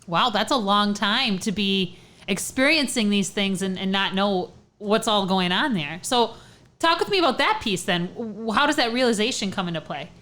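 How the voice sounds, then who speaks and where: A woman's voice: medium pitch, lively intonation, normal speed, a bit bright. A woman hosting an interview, asking follow-up questions in an encouraging way. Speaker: podcast host. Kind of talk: interview chat.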